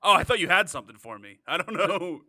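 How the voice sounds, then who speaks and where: A man's voice: high-pitched, very animated, fast talker, a crowd in the background. A man co-hosting a sports betting podcast in casual chat, joking around. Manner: jokey, slips into a mock sideline-reporter voice. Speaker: podcast co-host.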